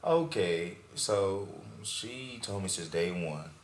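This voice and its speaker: Young male podcast host, very low voice, casual slang storyteller, echoey room with faint hiss. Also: animated, takes it slowly. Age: young adult. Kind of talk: casual chat.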